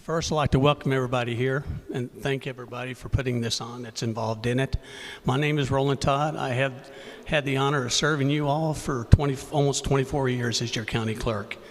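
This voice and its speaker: A man's voice: mid-range voice, steady tone, brisk. A man in his sixties, a candidate at a live debate, speaking off the cuff in a folksy way, repeating words and chuckling between phrases. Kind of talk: unscripted debate speech. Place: winery event space with audience. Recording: long hall reverb on a live event mic.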